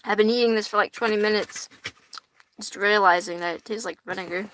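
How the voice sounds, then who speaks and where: Bright, chatty young woman reading tarot. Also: mid-range voice, fairly even intonation, brisk, slight background noise. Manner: chatty, rambling, swears casually, laughs often. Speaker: tarot reader and livestream host. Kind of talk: casual livestream tarot reading.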